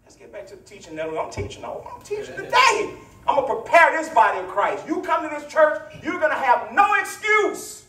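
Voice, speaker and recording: A man's voice: extremely high pitch, huge pitch swings, a little fast, sharp tone. A male pastor preaching a teaching sermon, playful and hollering, trading call-and-response with his congregation. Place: church sanctuary. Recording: echoey church, voice from far off mic.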